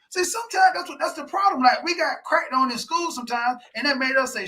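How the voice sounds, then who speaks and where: A man's voice: extremely high pitch, brisk. A man co-hosting a casual podcast chat, talking bluntly with plenty of swearing and acting out quotes in other voices. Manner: animated, blunt, swears freely, acts out quotes. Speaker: podcast co-host.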